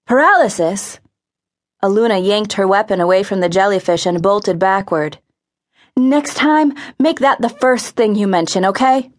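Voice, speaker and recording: A woman's voice: mid-range voice, lively intonation, moderate pace, natural voice. A woman voicing a brave, headstrong thirteen-year-old girl in an audiobook, speaking urgently and boldly. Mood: alarmed. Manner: urgent, bold. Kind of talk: audiobook character voice.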